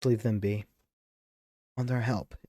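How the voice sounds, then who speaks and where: A man's voice: on the low side, fairly even intonation, takes it slowly, warm tone, no echo, clean studio sound. A man streaming a game live, reading its dialogue aloud and chatting between lines, easily sidetracked.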